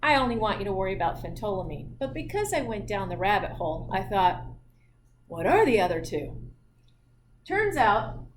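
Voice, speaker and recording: A woman's voice: mid-range voice, very animated, brisk, hardly any pauses, slight background noise. A woman instructor giving a recorded physiology lecture in a chatty way, with jokey asides and laughter at her own slips.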